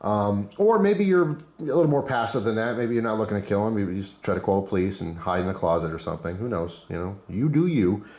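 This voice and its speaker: A man's voice: lowish voice, animated, quick pace, hardly any pauses, darkish tone. A man rambling casually as a knife reviewer, chatty and opinionated, with frequent asides. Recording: roomy echo.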